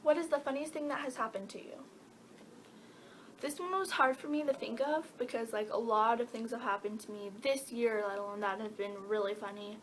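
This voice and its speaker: A woman's voice: on the high side, fairly quick, a little hiss or hum. Giggly teenage girl vlogger. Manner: rambling with many fillers and giggles. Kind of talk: casual Q&A chat.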